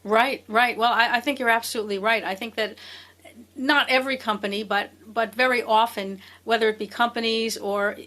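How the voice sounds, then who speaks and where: Woman interview host with a bright, level voice who keeps agreeing and building on her guest's points. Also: on the high side, steady tone, moderate pace. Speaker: podcast host. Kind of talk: interview conversation.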